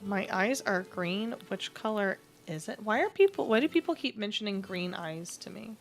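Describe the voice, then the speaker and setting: A woman's voice: medium pitch, lively intonation, moderate pace, soft background music. A woman streaming a game, chatting casually with her viewers in a rambling, self-deprecating way. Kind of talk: casual livestream chat while playing.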